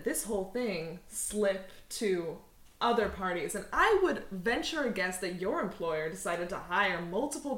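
Bright forceful woman player, off-mic. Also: medium pitch, far from the mic. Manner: forceful, demanding, confrontational. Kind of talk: in-character tabletop role-play. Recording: roomy echo, off-mic.

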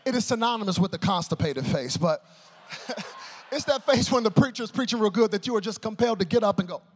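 A man preaching a sermon, telling a humorous story and swinging between loud excitement and hushed tones. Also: high-pitched, a little fast, in a large hall.

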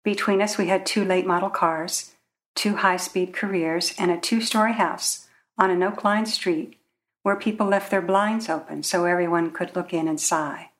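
A woman's voice: lowish voice, fairly even intonation, normal speed. A woman, an author, reading from her personal memoir in a wry, reflective voice.

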